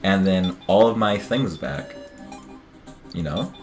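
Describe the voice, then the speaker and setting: A man's voice: low-pitched, lively intonation, slow pace, music in the background. A man streaming a game, joking and muttering asides to his viewers in casual commentary.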